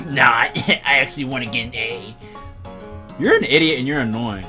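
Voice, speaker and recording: A man's voice: mid-range voice, expressive, normal speed, sharp tone, faint music behind, pitched below the performer's own voice. A man doing a smug know-it-all bird kid. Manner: condescending.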